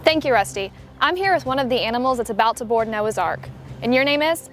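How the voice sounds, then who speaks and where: A woman playing an upbeat female TV field reporter in a children's skit, interviewing brightly. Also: fairly high pitch, animated, fast, faint music behind. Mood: perky. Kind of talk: comedic skit acting.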